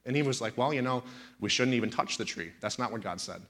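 A man's voice: mid-range voice, fast, a bit bright. A man in his thirties, a pastor preaching in a talk-show setting, telling stories animatedly and with indignant emphasis.

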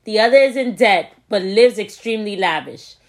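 A woman's voice: mid-range voice, animated, moderate pace. A woman in casual chat, frank and playful, often laughing.

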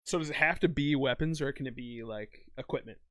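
A man co-hosting a casual gaming podcast, joking, animated and swearing freely. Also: medium pitch, a little fast. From United States. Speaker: podcast co-host.

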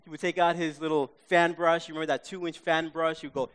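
A man from Queens, telling an animated story to a live audience, acting out his own reactions and checking in with listeners. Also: on the high side, fast talker, a little hiss or hum. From Queens, New York. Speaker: speaker.

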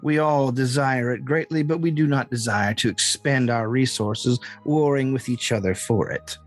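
A man's voice: mid-range voice, moderate pace, soft background music, lightly acted. A man voicing a sly purple-skinned hag leader. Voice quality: oddly youthful voice.

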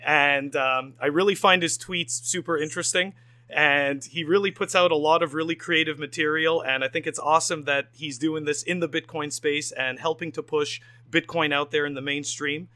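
A man's voice: on the high side, steady tone, normal speed, pushed and bright. Upbeat rambling male podcast host. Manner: enthusiastic, rambling with many fillers and restarts. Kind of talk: casual podcast interview.

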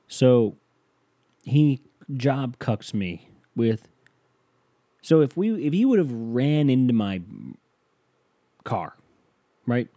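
A man hosting his own podcast, telling a story in a rambling, animated way with swearing and mocking outbursts. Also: on the low side, dry recording. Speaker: podcast host. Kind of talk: casual solo storytelling. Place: home near an airport.

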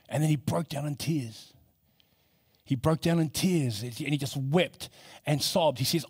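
A man's voice: fairly high pitch, normal speed, slightly rough. A man preaching a sermon in a conversational way, building to emphatic repetition.

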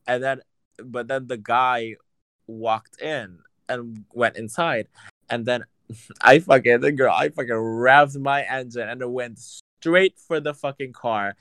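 A man in casual chat, telling a story in an animated, profane and sassy way. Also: mid-range voice, takes it slowly, smooth, no room sound.

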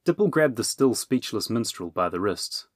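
A man narrating a children's fantasy audiobook in a measured, even way. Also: on the low side, no echo, studio quality. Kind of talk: storybook narration.

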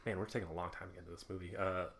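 Low-voiced man hosting a movie podcast. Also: fairly even intonation, very fast, gravelly, a bit bright. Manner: laughs often, teases co-hosts. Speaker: podcast host. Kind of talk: casual movie recap chat.

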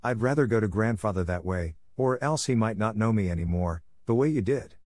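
A man's voice: lowish voice, expressive, brisk, a little mellow, dry recording, natural voice. A man voicing an earnest young girl coming home to her family, reading her lines with a raised, heartfelt voice. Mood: simple.

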